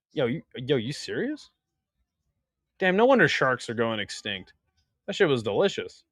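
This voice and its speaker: A young man hosting a casual live-stream watch party, crude and excitable, joking with his chat. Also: medium pitch, normal speed, no echo, studio quality.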